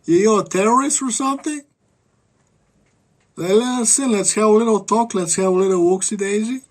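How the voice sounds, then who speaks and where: Brief: a man putting on a nosy federal agent, high and sing-song, folksy and teasing. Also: normal speed. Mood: mocking. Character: mocking male American federal agent, folksy and prying.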